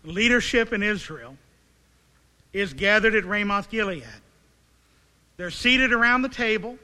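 High, bright-voiced preacher in a reverberant hall. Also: male voice. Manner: reads scripture, then retells it as vivid dramatic storytelling; asks rhetorical questions with emphatic pauses. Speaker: pastor. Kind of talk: sermon. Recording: long reverb of a large hall.

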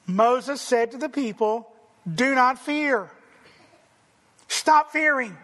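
A man preaching a sermon, emphatic and rising to forceful declarations. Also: very high-pitched, takes it slowly, in a large hall. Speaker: pastor.

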